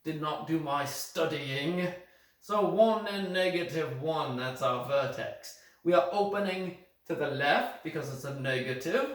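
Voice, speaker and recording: A man's voice: a little high, unhurried. Man teaching in a put-on British accent. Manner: steady step-by-step explaining, correcting own slips. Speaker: math teacher. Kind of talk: recorded remote lesson. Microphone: phone. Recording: echoey room, phone from a distance.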